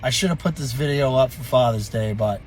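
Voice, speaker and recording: A middle-aged man telling a story from his youth in an animated, profane, chuckling way. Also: medium pitch, fairly quick, a little hiss or hum. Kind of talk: casual storytelling vlog.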